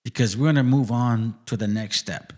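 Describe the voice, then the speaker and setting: A man's voice: medium pitch, moderate pace, darkish tone. A man hosting his channel, ranting in a confrontational, profane monologue aimed directly at people. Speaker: channel host.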